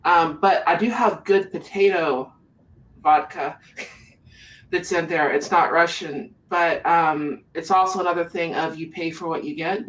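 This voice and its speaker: A live-stream host chatting casually with relaxed, laughing asides and greeting the viewers. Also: medium pitch, a little slow, distant mic, a little hiss or hum, low-quality recording. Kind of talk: casual chat.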